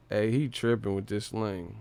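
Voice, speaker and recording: A man's voice: lowish voice, gravelly, darkish tone. A man hosting a casual boxing live stream, mocking and profane, laughing often between his jabs.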